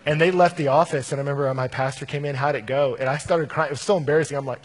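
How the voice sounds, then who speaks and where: A man's voice: fairly high pitch, quick pace, hardly any pauses, long reverb tail, noisy background. A man who works as a youth minister, answering an audience question in a candid, storytelling way and often quoting scripture. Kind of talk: conversational Q&A answer.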